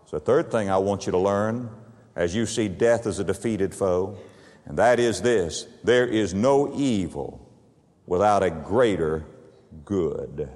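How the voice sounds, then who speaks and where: A man preaching a sermon dramatically, with big swings in pitch and loudness and repeated phrases. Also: big pitch swings, normal speed, long reverb tail.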